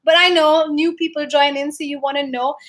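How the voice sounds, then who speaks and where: A woman with a high voice chats casually on a livestream from her room at home. She reads out viewer comments and answers them in an upbeat, rambling way, with plenty of ums and uhs. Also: steady tone, brisk, fairly bright tone. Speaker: bagpiper hosting a livestream.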